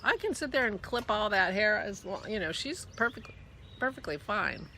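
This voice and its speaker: A woman with a bright, forceful voice talks casually as a vlog host. She rambles chattily, trails off and restarts her thoughts, and turns to coo affectionately at her dog. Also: medium pitch, very animated, normal speed, slight background noise. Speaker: podcast host. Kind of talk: casual chat.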